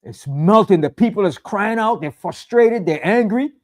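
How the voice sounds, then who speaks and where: A man with a high-pitched voice preaches a sabbath sermon. He talks in a fiery, conversational way and hammers his points home by repeating them. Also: lively intonation, moderate pace. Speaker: pastor.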